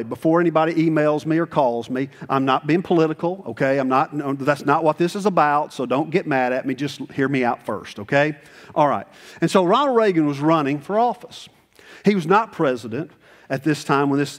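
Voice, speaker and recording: A man in his sixties preaching a sermon as pastor, conversational and animated, with sudden high bursts of emphasis. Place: church sanctuary. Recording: long church reverb.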